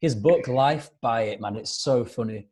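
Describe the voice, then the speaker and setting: A man's voice: mid-range voice, darkish tone, breathy edge. A man chatting casually as a guest musician, rambling with many fillers. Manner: rapid, rambling, lots of "like" fillers. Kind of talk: casual video-call chat.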